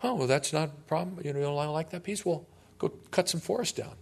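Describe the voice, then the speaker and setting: A man's voice: fairly high pitch, a little fast, gravelly. A man playing a blunt, firm old leader. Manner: blunt, no-nonsense.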